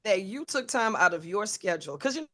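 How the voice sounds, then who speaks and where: A woman hosting a casual radio interview, playful and quick to laugh, with Southern slang. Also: mid-range voice, big pitch swings, sharp tone. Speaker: radio host.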